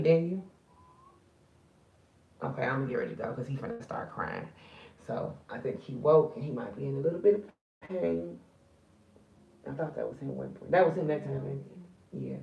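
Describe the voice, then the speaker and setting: A woman's voice: very deep voice, vocal fry, reverberant, recorded from a distance, dull audio. A tired woman talking at night to her viewers in a casual, emotional vlog. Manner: tired, emotional, talks straight to viewers as sisters. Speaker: spiritual card reader and channel host.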